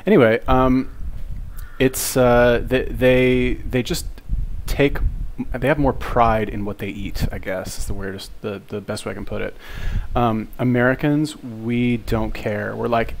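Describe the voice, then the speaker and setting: A man's voice: medium pitch, fairly even intonation, unhurried, low-quality recording. A man hosting a reaction video, giving casual commentary in a rambling, sarcastic way full of fillers and swearing.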